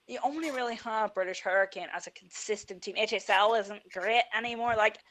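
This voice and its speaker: A woman's voice: mid-range voice, a little fast, fairly bright tone, rough recording. A woman co-hosting a casual esports podcast, frank and opinionated. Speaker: podcast co-host.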